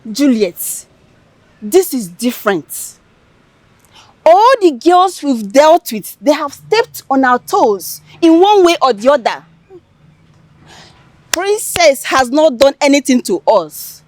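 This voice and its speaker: A woman's voice: sits high, big pitch swings, slow, long pauses, a little mellow, no room sound, full character voice. An actress playing a principled young woman who speaks earnestly and with reproach. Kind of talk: Nollywood film acting.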